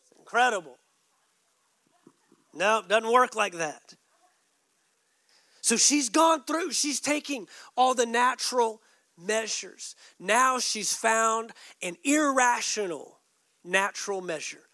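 A male pastor preaching a sermon, emphatic, dropping suddenly soft and adding joking asides to the congregation. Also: very high voice, expressive, slow pace, long pauses, dry recording, studio quality.

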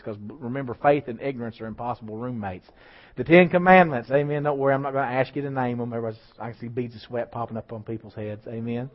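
This pastor talks fast in a mid-range voice, ramping up emphasis in his sermon and aiming asides at the people in the pews. The church recording is lo-fi and a bit dull.

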